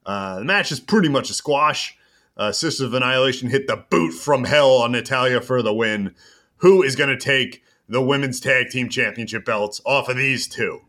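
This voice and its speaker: A man hosting a podcast who chats casually while recapping a wrestling show in an animated, storytelling way. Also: medium pitch. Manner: animated storytelling, quick asides. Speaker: podcast host.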